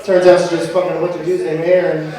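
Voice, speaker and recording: In front of a live audience at a comedy venue, a young man performs a profane, self-mocking stand-up set into a handheld mic. His voice is on the high side, fast and flatly delivered. Taped from far off in an echoey room, the very noisy recording picks up the crowd laughing and heckling.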